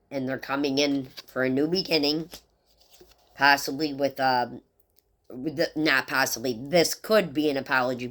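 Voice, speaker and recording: A woman's voice: sits low, a bit bright, a little hiss or hum. A middle-aged woman giving a casual, rambling tarot reading and talking straight to her viewers in a heartfelt way. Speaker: tarot reader.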